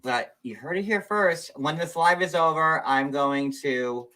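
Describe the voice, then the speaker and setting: A man's voice: a little high, unhurried, pushed and bright. Male gossip livestream host, rambling and chatty, slightly distant mic. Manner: chatty, meandering, many fillers. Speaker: show host.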